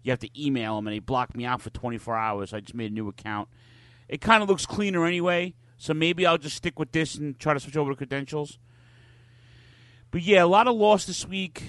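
A man's voice: fairly high pitch, a little fast, fairly bright tone, no echo. A man co-hosting a live wrestling podcast, talking casually and bluntly, swearing freely as he rants. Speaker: podcast co-host.

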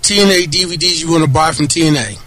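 A man's voice: a little high, fast, pushed and bright, rough recording. A man in casual chat, pressing others with pointed yes-or-no questions. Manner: pointed, cross-examining questions.

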